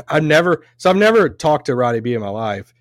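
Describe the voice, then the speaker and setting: A man's voice: a little high, sing-song, brisk, dry recording, clean studio sound. A man co-hosting a podcast, telling a rambling story in casual chat with frequent laughs and restarts. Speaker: podcast co-host. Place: event venue, recorded live on site.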